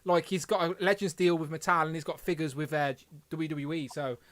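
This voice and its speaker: A man's voice: fairly high pitch, steady tone, brisk. A man hosting a casual livestream, rambling and correcting himself as he reads the chat aloud. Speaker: podcast host.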